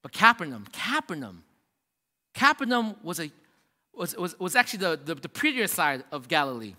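A man preaches in a high, bright voice, casual and emphatic, stacking repeated phrases as he builds. His words ring out with the long reverb of a big church hall. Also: sing-song, fairly quick. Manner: casual, emphatic preaching with many restarts and rising repetitions. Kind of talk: sermon.

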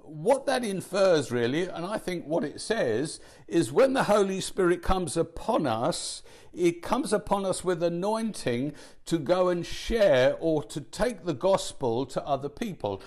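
A man giving an earnest Bible teaching, measured and restating his points. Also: sits high, expressive, darkish tone. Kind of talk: teaching sermon.

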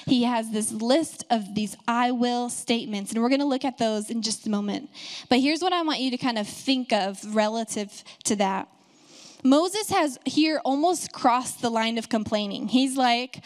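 A woman's voice: on the high side, measured pace. A woman pastor preaching a sermon, telling a story and building to fervent, emphatic proclamation.

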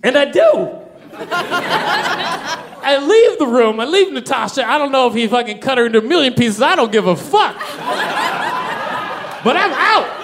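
A man telling a wild comic story in stand-up style, profane and animated, often laughing through his lines. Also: extremely high pitch, moderate pace, pauses often, noisy background. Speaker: comedian.

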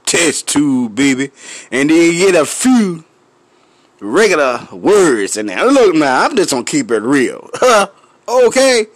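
A man with a Memphis accent vents to his viewers in a high, lively voice that swings up and down. He takes his time, laughing and clearing his throat while he smokes. The sound is close and dry. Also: slow pace, no echo. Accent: Memphis Southern US. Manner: loud, profane, laughing between lines; smoking, clears throat often. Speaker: vlogger. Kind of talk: profane rant to camera.

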